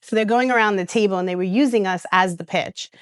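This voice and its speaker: A woman's voice: mid-range voice, fast talker, clear, resonant tone, no room sound, studio quality. A woman, telling stories in a casual interview and acting out the voices of the people she quotes. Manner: animated storyteller who acts out quoted voices, with restarts and laughs. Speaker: reality TV star and guest.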